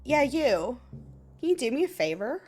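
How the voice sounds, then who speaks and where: A woman's voice: high voice, big pitch swings, moderate pace, darkish tone, slight background noise. A woman voicing a pushy, petulant young rabbit in a game, with a put-on Southern accent. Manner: pushy, whiny.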